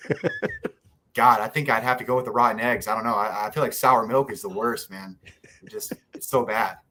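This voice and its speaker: An American man chatting casually as a guest on a podcast. He is laid-back, swears freely and laughs often, with a voice of middling pitch. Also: moderate pace, sharp tone. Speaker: guest fighter.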